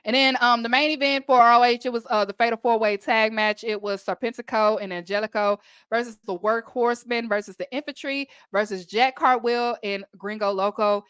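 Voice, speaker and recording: A woman's voice: on the high side, steady tone, brisk, hardly any pauses, a bit bright, clear, resonant tone, dry recording. A woman from Texas with a Texan accent, hosting a casual wrestling recap podcast and chatting emphatically to listeners.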